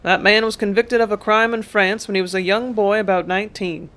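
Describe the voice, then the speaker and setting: A gruff sea captain with a blunt, fatherly way of lecturing, as a reader puts him on. He sounds firm and plain-spoken, a storybook skipper explaining hard truths. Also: high-pitched, steady tone, brisk, a bit bright. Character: gruff middle-aged male ship captain, blunt.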